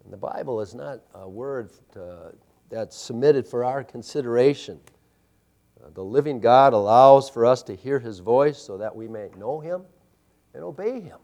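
A man's voice: medium pitch, normal speed, dark tone. A man preaching a sermon, emphatic and building with repeated phrases. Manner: emphatic preaching with rising intensity and repetition. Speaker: pastor.

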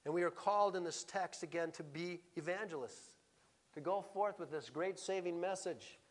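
A pastor preaching a sermon, emphatic, swinging between loud proclaiming and a hushed near-whisper. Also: male voice, high-pitched, moderate pace.

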